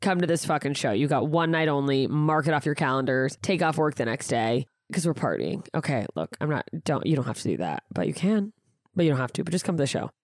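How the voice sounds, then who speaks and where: Expressive and fairly quick, a stand-up comedian with a low-sitting voice hosts her own podcast on a studio microphone, the recording dry and studio quality. Casual and rambling, she runs through plugs and tour dates while cursing freely and mocking herself.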